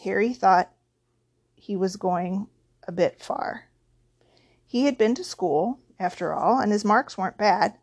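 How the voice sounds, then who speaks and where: A woman's voice: mid-range voice, measured pace, pauses often, darkish tone. Woman reading a storybook aloud. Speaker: audiobook narrator.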